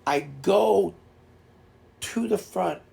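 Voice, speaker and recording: A man's voice: high voice, extremely slow, vocal fry, darkish tone. A man hosting a casual chat stream, telling rambling fishing stories with lots of restarts and laughter. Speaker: streamer host.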